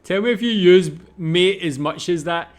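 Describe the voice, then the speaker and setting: A man's voice: high voice, normal speed. Curious man reacting. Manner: curious, asks many questions. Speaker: reaction video host. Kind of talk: reaction commentary.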